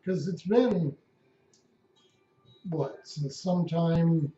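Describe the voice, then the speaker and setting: A man's voice: a little high, drawn-out words, dark tone, soft background music. A man at home delivering a wry, rambling, profane comic monologue. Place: at home, indoors. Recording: echoey room, dull lo-fi sound.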